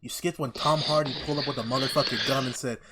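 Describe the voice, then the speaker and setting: A man's voice: mid-range voice, fairly even intonation, quick pace, a crowd in the background. A man co-hosting a podcast, chatting bluntly and emphatically about a movie, with lots of profanity. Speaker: podcast co-host. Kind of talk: casual movie chat.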